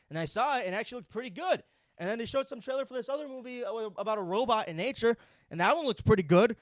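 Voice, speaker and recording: Young man, solo comedy podcast, high voice, dry sound, rambling, profane, sarcastic, sleep deprived. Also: no room sound. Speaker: podcast host.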